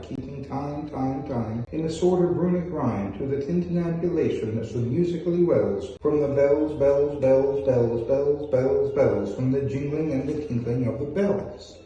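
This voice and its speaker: A man hosting a video, reading poetry aloud with a theatrical, drawn-out delivery. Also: medium pitch, warm tone, slight background noise. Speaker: host. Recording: echoey room from far off, faint music.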